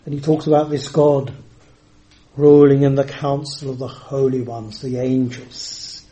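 A man's voice: mid-range voice, flat delivery, mellow. An older man preaching a sermon, emphatic, drawing out words and shifting his volume. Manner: emphatic, varies pace and volume, drawn-out words. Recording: echoey hall.

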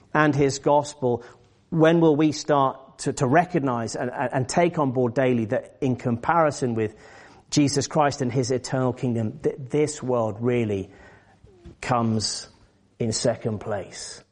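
A man's voice: a little high, measured pace, darkish tone. Earnest man preaching a sermon. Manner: earnest preaching, rising to emphatic exhortation.

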